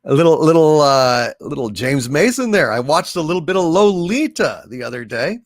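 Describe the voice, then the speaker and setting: A man chats his way through viewer messages on a live stream, his pitch sitting a little high and swinging widely. He talks in fits and starts, full of fillers, then breaks into theatrical bits of verse and song. The sound is dry and close. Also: big pitch swings, no room sound. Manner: theatrical, drifts into recited verse, song and impressions; halting, with many fillers and restarts. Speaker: livestream host. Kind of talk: casual live-stream chat reading super chats.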